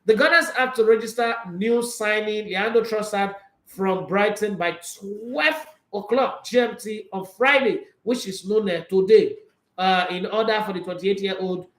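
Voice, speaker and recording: A Nigerian man with a high, slightly bright voice reads football transfer news at a moderate pace in a reverberant room. He reacts casually with opinionated comments, jokes in pidgin and laughs frequently.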